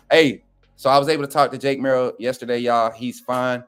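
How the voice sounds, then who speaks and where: A man's voice: mid-range voice, quick pace, smooth, soft background music. A young man, a co-panelist on a sports show, chatting casually and folksily with his viewers. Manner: relaxed, folksy, addresses viewers as y'all. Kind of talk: casual live stream chat.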